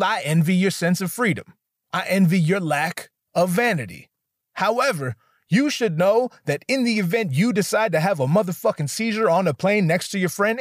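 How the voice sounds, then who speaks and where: A young man doing stand-up storytelling, animated and profane, jumping into voices for the people he quotes. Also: high voice, dry recording, clean studio sound. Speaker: stand-up comedian.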